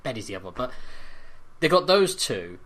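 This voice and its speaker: A man co-hosting a casual pop culture chat, animated and excitable, swearing freely. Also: medium pitch, fairly quick. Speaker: podcast co-host.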